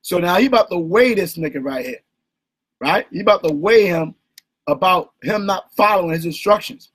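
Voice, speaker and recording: A man hosting an informal call-in bible study. He talks in an animated, slangy way and keeps asking "right?". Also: high voice, normal speed, husky, low-quality recording. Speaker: bible teacher and host.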